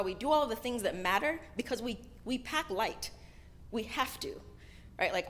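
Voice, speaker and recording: A woman giving a casual storytelling sermon at a synagogue service, chatty and keeps adding "right?" as she talks. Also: medium pitch. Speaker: sermon speaker.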